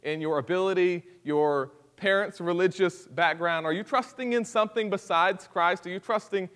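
A man preaching a sermon at a church service, swinging from hushed intensity to loud, impassioned delivery. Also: sits high, normal speed, smooth, in a large hall. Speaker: pastor.

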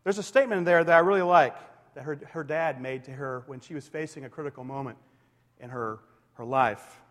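A man in his forties preaching a sermon as a pastor, animated, swinging between loud emphasis and soft asides. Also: fairly high pitch, brisk. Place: church sanctuary. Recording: reverberant hall sound.

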